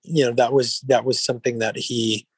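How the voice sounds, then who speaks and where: Man, actor interview guest, mellow and even-keeled, rambling restarts, dead dry sound. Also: mid-range voice, normal speed, slightly rough, no echo, poor audio. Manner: rambling with frequent restarts and "you know". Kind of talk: relaxed interview conversation.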